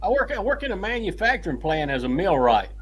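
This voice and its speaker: Easygoing man with a high voice. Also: very animated, fast, fairly bright tone, breathy edge. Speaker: guest. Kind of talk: casual chat.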